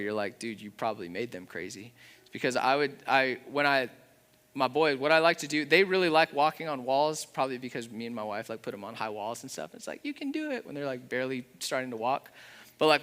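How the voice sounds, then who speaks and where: A young man preaching a sermon in an earnest, conversational way, with a father's warmth. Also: medium pitch. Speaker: pastor.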